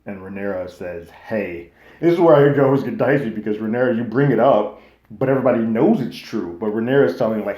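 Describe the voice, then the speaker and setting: Deep-voiced man recapping a TV episode. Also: fairly quick. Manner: slangy and animated, acting out quotes loosely. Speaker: TV recap host. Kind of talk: casual episode recap and review. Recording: echoey room.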